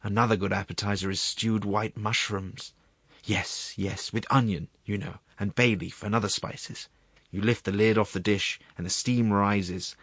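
A man's voice: fairly low pitch, a bit bright, no echo. A man voicing a sentimental honorary justice who fondly agrees about good food.

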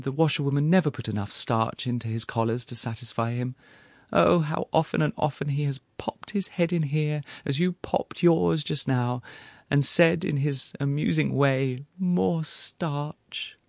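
A man's voice: on the high side, vocal fry, darkish tone, dry recording, studio quality, pitched above the performer's own voice. A man doing a wailing, grieving old widow. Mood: lamenting. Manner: wailing, imploring, drawn-out sighs. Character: grieving, clinging older widow, wailing and sentimental. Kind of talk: audiobook character voice.

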